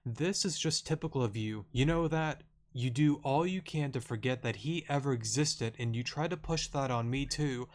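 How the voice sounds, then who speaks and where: A man reading the lines of an angry, resentful teenage daughter from a video game in a slow, plain voice. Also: medium pitch, lightly acted. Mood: bitter.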